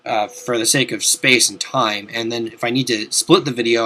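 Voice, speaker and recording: Young male gamer, bright voice, rambling casual commentary with loud swearing outbursts. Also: mid-range voice, steady tone, normal speed, faint music behind. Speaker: let's play commentator. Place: home room at his desk.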